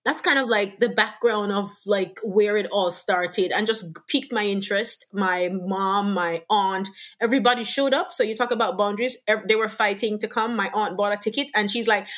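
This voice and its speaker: A woman's voice: mid-range voice, moderate pace, few pauses. A woman from Jamaica speaks with a Jamaican accent, chatting casually as an interview guest. She tells her stories with energy and slips into the voices of the people in them. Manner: animated storyteller who acts out quoted exchanges.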